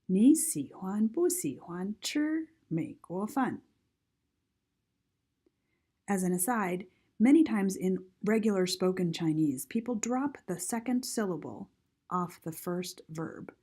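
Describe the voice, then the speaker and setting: A woman teaches a recorded Chinese grammar lesson, her voice husky and mellow. She speaks slowly, with a lively rise and fall in pitch, and reads each model sentence carefully for learners.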